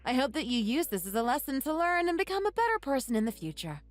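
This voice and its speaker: A woman's voice: sits high, sing-song, fast, soft background music. A woman voicing a cold, triumphant young bride. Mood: scornful. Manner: firm, scornful.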